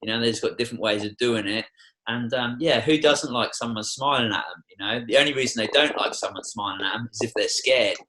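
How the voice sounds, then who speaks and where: In a podcast studio, a young Australian tour guide holds forth in a casual conversation, passionate, preachy and swearing freely. His mid-range voice is bright and forceful with a quick pace, though the audio is poor.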